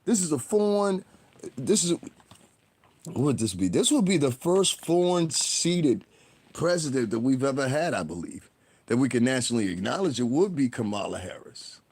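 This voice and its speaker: A man's voice: mid-range voice, very animated, brisk, darkish tone, slightly rough. A male livestreamer with a mid-range voice, talking in a loose, rambling rant to his chat. He is blunt and combative and swears constantly. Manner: blunt, combative, heavy cursing; rambling, talks straight to viewers. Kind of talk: profane live-stream rant.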